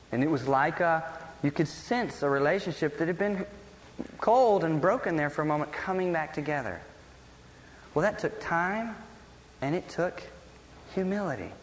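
A man in his thirties, a pastor, preaching a sermon in an earnest, self-deprecating storytelling manner. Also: high voice. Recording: long hall reverb, faint room noise.

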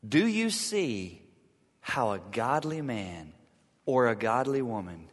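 A man preaching a sermon, reading scripture aloud and swinging from loud to hushed for drama. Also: mid-range voice, very animated, slow, in a large hall. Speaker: pastor.

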